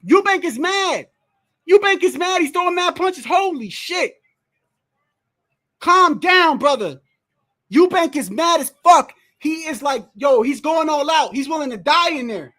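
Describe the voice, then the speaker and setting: The host's voice sits high and moves at a moderate pace while they watch a fight on stream, exclaiming often, swearing freely and calling out to the referee and fighters. They also read viewers' messages aloud.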